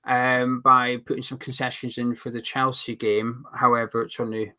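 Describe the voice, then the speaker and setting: A man's voice: medium pitch, level tone, moderate pace, bright, forceful tone. A man co-hosting a casual football fan watch-along, rambling a little as he reads out viewer comments. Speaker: fan channel co-host.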